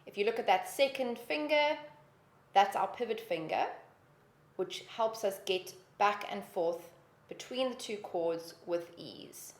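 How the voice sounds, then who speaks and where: A woman's voice: mid-range voice, lively intonation, measured pace. A woman teaching a beginner guitar lesson with patient, encouraging instruction. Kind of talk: guitar lesson with counting and singing. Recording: roomy echo, loud guitar behind.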